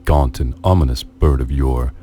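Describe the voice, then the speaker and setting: A man's voice: a bass voice, moderate pace, warm tone, slight background noise. A man giving a theatrical, brooding dramatic reading of a poem. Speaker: narrator. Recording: clip with faint music behind. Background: faint music.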